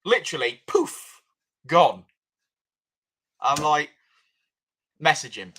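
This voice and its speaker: A middle-aged man tells a story casually, with a pitch that rises and falls a lot. His voice has a bright, forward edge, and he acts out both sides of each conversation. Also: sing-song, unhurried, pauses often, slightly rough. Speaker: tuning shop owner.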